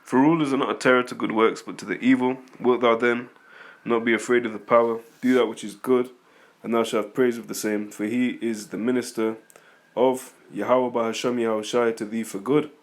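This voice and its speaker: A man's voice: mid-range voice, little pitch movement, fairly quick. A man reading scripture aloud and commenting on it in a loose, argumentative teaching style, speaking straight to his critics. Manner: rambling, conversational, reads scripture aloud then comments; argumentative, addresses critics directly. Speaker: religious teacher. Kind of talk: informal scripture teaching and rebuttal.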